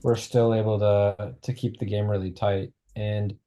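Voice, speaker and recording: A man's voice: fairly low pitch, flat delivery, measured pace, mellow, faint music behind. A man on a football panel, giving a rambling match recap full of fillers. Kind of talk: casual football chat.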